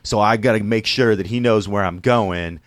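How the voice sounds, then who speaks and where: A man's voice: fairly low pitch, normal speed, no echo, clean studio sound. A man casually telling a story, laughing often and acting out the quotes. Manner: laughing, animated, acts out quotes.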